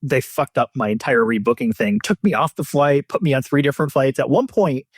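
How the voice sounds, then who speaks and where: A man hosting a podcast, telling a long travel story in casual chat, animated and swearing, and acting out the people in it. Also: medium pitch, brisk, breathy edge, no room sound, studio quality. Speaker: podcast host.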